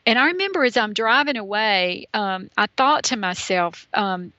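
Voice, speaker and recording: A woman, a guest telling a story in an interview, animated and chatty, full of "you know". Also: medium pitch, normal speed, no echo. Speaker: podcast guest. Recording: dull lo-fi sound.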